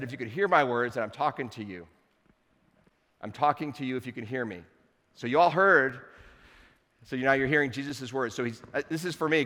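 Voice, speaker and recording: A man preaching a sermon to his congregation in a relaxed, conversational way with playful asides. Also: medium pitch, big-room sound. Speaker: pastor. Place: church sanctuary.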